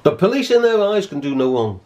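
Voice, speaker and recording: A man's voice: high-pitched, sing-song, brisk, darkish tone. A man giving an indignant monologue to camera, emphatic and repeating his points. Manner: emphatic, repeats points, acts out both sides of an argument. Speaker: vlogger.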